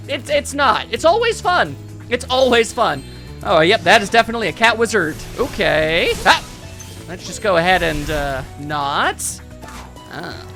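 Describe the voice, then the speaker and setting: A man's voice: high voice, sharp tone. A man giving casual, jokey, rambling commentary while playing a video game. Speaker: let's play host.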